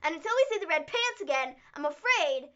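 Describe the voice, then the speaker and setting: A woman's voice: sits high, animated, a little fast, pushed and bright. A woman co-hosting a casual stream, recapping with a sarcastic, playful manner. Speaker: co-host of a wrestling recap stream. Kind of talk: casual chat. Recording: muffled lo-fi stream audio.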